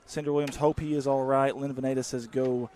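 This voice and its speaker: A man calling a local high school football game, folksy and excitable, bursting into shouts on big plays. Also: a little fast. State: out of breath. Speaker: play-by-play announcer.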